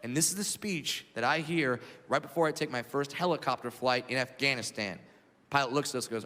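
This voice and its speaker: A man's voice: medium pitch, fairly quick. A man in his thirties performing a brash stand-up comedy set on stage, acting out the voices in his stories. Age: 30s. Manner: brash storytelling, acts out voices. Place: comedy stage before a live audience. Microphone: handheld stage mic. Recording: reverberant venue with loud crowd noise.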